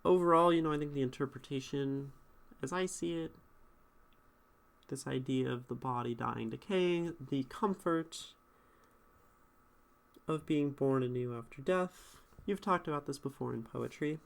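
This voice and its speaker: A man's voice: medium pitch, measured pace, creaky, long pauses. Man critiquing poetry on stream. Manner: thinking aloud, asks chat questions with many "right?"s.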